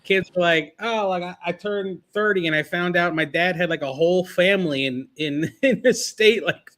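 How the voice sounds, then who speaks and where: A man's voice: sits high, normal speed, fairly bright tone. A man co-hosting a podcast in casual chat, rambling with lots of fillers and laughing at his own jokes.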